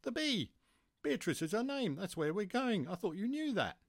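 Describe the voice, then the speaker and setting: A man's voice: high-pitched, sing-song, normal speed, voice pushed up, exaggerated voice. A man doing a fussy little boy insect.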